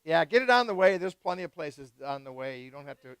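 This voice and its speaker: A man hosting a live wine tasting, chatting casually and excitedly with guests and swearing freely. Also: a little high, fast talker, clear, resonant tone, no echo. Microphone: live stream mic.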